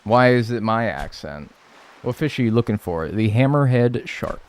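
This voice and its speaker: A man's voice: mid-range voice, lively intonation, moderate pace, darkish tone, smooth. Rambling Pittsburgh-accented young man streaming. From Pittsburgh area, US. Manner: rambling, jokey storytelling with silly put-on voices. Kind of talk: casual stream chat while gaming.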